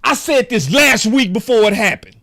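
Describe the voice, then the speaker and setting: A man's voice: very high-pitched, expressive, normal speed, vocal fry, very noisy. A man ranting heatedly as a sports commentator, repeating himself for emphasis in a fan vlog. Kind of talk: fan rant about a football game.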